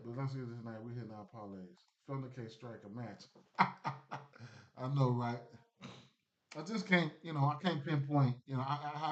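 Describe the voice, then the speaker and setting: Rambling man on a lo-fi stream. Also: medium pitch. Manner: rambling, loose, with many fillers and restarts. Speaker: sports betting streamer. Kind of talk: casual livestream chat. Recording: dull lo-fi stream audio.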